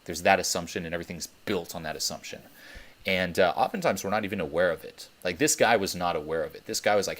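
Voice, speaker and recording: A young man with a notably deep voice speaks on a coaching teleconference. He talks bluntly and emphatically, swearing freely as he drives his points home. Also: fast, a bit bright. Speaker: dating coach.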